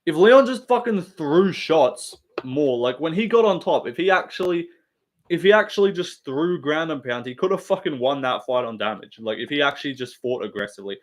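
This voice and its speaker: A man's voice: on the high side, expressive, normal speed. Blunt, sweary Australian man. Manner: rambling, heavy swearing, blunt opinions. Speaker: live stream host. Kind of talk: casual live stream chat.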